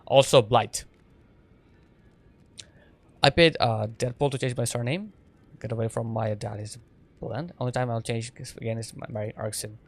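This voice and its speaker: A man's voice: medium pitch, steady tone, normal speed, long pauses. A man giving casual gameplay commentary as a streamer, rambling and chatty with lots of fillers. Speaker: game streamer.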